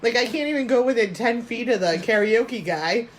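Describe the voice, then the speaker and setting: A woman's voice: on the high side, lively intonation, moderate pace, slight background noise. A woman co-hosting a podcast, telling family stories in casual chat with frequent laughter. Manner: laughing storyteller, acts out quotes. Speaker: podcast co-host.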